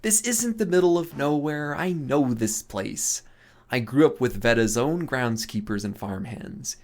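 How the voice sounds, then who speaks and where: A man's voice: medium pitch, animated, measured pace. A man voicing Emil, a confident, easygoing young man who talks in a soothing, coaxing way. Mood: reassuring. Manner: coaxing, reassuring.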